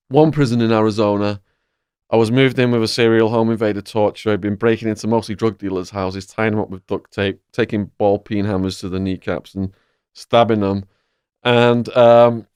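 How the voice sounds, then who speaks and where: An English man hosting a podcast who tells his stories in a vivid, animated way. His voice sits a bit low, and the recording is dry and close with no room sound. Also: clear, resonant tone, no room sound. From England. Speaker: podcast host. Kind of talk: storytelling in a conversation.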